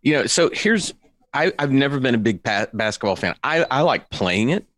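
A man's voice: mid-range voice, lively intonation, normal speed, fairly bright tone, no room sound. A man hosting a casual podcast chat, wry and joking. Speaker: podcast host.

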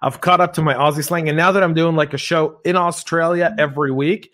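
A man's voice: on the high side, steady tone, a little fast, sharp tone. A man hosting a podcast in an upbeat, joking way. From United States. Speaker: podcast host.

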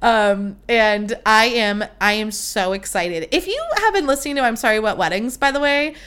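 A woman's voice: fairly high pitch, animated, moderate pace, fairly bright tone, clean tone. A young woman hosting a podcast, telling a story in casual, gushing chat full of fillers and quoted dialogue. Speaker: podcast host.

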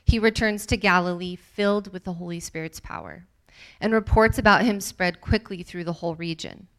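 A woman reading scripture aloud to a group, with an expressive delivery that grows livelier in the quoted speech. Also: fairly low pitch, moderate pace. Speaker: Bible study leader.

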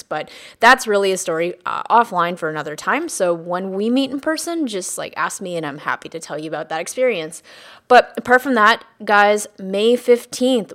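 A woman's voice: on the low side, a bit bright. A woman hosting a podcast, closing the episode in an upbeat, enthusiastic way. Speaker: podcast host. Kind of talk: podcast outro.

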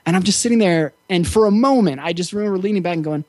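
A man as an interview guest, telling a personal story in a relaxed, reflective way with frequent fillers. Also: high voice, fast talker, no echo. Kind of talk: casual storytelling.

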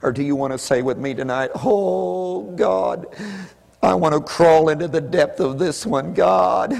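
Male preacher, fervent rhythmic pleading, hushed to shouted, recorded in a reverberant hall. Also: a little high, a little slow, creaky. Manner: impassioned pleading prayer, swinging from hushed to shouted; repetitive, rhythmic calls. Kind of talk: sermon. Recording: echoey hall with long reverb.

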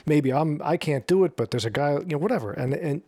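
Enthusiastic New York host, dry close mic. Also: male voice, a little high, animated, mellow, no room sound. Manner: enthusiastic, quick reactions. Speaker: podcast host. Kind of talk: casual interview chat.

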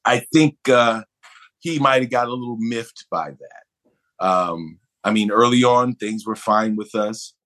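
Male guest actor, middle-aged, from Buffalo; lively anecdotal storyteller who slips into impressions. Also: fairly low pitch, unhurried. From Buffalo, New York. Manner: animated, acts out others' voices in anecdotes. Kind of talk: conversational storytelling.

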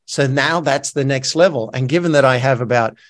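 Energetic man telling a story. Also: mid-range voice, a little fast. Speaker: guest, business coach turned actor. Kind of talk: casual storytelling interview.

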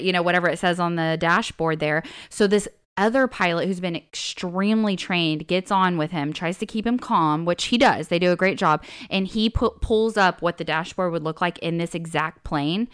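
Female co-host with a smooth voice, an animated storyteller who acts out quotes. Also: fairly low pitch, normal speed, few pauses. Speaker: podcast co-host. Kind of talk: casual chat.

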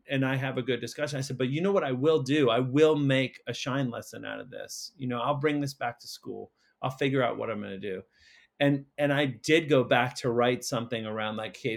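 Male school counsellor, guest, earnest and emotional, mid-pitch, talks in loose restarts. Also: vocal fry. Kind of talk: casual storytelling conversation.

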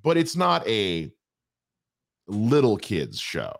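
A man's voice: lowish voice, wildly swooping pitch, slow, creaky, dry recording, clean studio sound. A young adult man co-hosting a podcast, chatting casually with a wry, rambling manner and many restarts. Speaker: podcast co-host. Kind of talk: casual chat.

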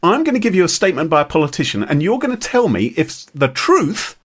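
A man's voice: fairly high pitch, sing-song, fast talker, soft background music. A man hosting a podcast in a playful, joking manner. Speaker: podcast host. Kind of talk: casual podcast chat.

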